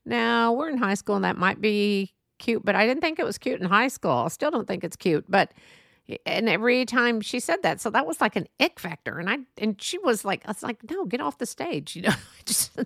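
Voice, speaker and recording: A woman's voice: fairly high pitch, vocal fry, fairly bright tone, no echo, clean studio sound. A middle-aged woman hosting a solo podcast, talking earnestly and rambling off on tangents, then apologizing and coming back. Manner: earnest, many fillers and restarts. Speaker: podcast host. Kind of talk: casual solo monologue.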